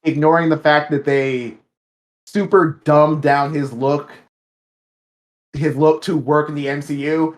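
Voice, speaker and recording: A man with a slightly higher voice than most talks through a casual review chat. He rambles, restarts his sentences and drops the odd curse word as he works through his thoughts. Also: flat delivery, a little slow, long pauses. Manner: rambling, self-correcting, swears casually. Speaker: podcast co-host.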